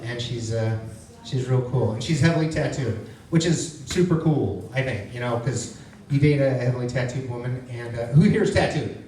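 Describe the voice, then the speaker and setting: A man's voice: mid-range voice, normal speed, darkish tone. Profane man doing stand-up in an echoey club. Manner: loose, profane, storytelling. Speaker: stand-up comedian. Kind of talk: stand-up comedy set. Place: comedy club stage. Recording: echoey club from far off with crowd. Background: audience laughter.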